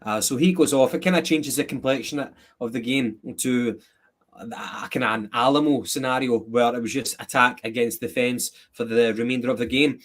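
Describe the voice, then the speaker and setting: Measured Scottish man hosting a match review. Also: mid-range voice, steady tone, a bit bright. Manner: measured, hesitant with ums. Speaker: podcast host.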